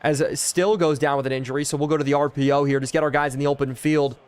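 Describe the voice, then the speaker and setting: A young man live-streaming a football video game, calling plays and thanking chat, excitable and loud on big plays. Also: fairly high pitch, fast, smooth.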